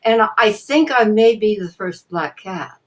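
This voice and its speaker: An older woman, a voice actress being interviewed, telling stories in a theatrical, animated way with frequent restarts. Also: mid-range voice, a little slow. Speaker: guest voice actor. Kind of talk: casual interview storytelling.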